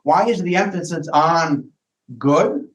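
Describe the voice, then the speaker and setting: A male rabbi explains ideas on a podcast in a thoughtful, conversational way. He often stumbles and repeats words while reaching for the next thought. His voice sits a touch high and rings around an echoey room. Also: slow, muffled recording.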